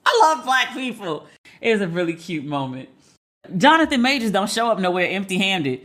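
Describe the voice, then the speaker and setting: A woman's voice: mid-range voice, big pitch swings, a little slow, long pauses, a bit bright. A woman hosts her own podcast in loose, casual commentary. She is candid and gossipy, drops profanity freely, and teases herself about her celebrity crushes. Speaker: podcast host. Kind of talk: casual pop-culture commentary.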